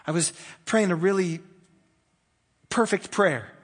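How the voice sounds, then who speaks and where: A man with a high voice preaches a sermon, talking conversationally and swinging between fervent bursts and quiet, hushed stretches. His voice rings out in a hall with a long reverb. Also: slow, breathy edge. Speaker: pastor.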